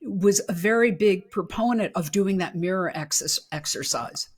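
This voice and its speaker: A woman's voice: lowish voice, normal speed, slightly rough. Chatty woman hosting a podcast. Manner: warmly affirming, frequent "mm-hmm" and "yeah". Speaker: podcast host. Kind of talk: casual conversational interview.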